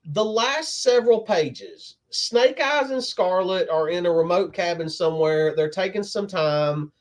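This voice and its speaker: A laid-back man with a fairly high voice, telling stories in casual chat about comics. He talks easily and unhurried, recounting things step by step. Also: animated. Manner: storytelling, laid-back with laughs. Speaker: podcast co-host.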